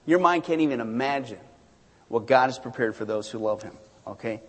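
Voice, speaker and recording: Animated husky pastor preaching. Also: male voice, medium pitch, brisk, in a large hall. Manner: animated, joking, repeats for emphasis. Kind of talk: sermon.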